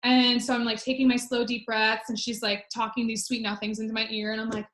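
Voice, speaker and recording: A woman's voice: on the high side, steady tone, quick pace, hardly any pauses, a bit bright, roomy sound. A woman in her thirties, a former Olympic swimmer, telling a personal story on a webinar in a chatty way with many fillers. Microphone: video call.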